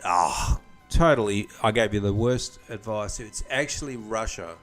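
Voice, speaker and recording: A man's voice: on the low side, animated, unhurried, faint music behind. A man hosting a casual podcast quiz game, reading clues aloud and joking with the players between them. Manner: joking, reads clues then banters. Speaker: quiz host.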